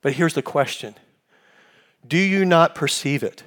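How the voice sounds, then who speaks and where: A man preaches a sermon in a voice pitched a little high, putting question after question to his listeners. His words ring out with the long reverb of a large church sanctuary. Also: measured pace, pauses often, fairly bright tone. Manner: preaching with call-and-response questions. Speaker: pastor.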